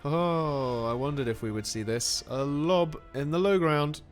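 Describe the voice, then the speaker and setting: A man giving excitable, animated play-by-play commentary on a strategy game. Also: on the high side, a little slow, soft background music.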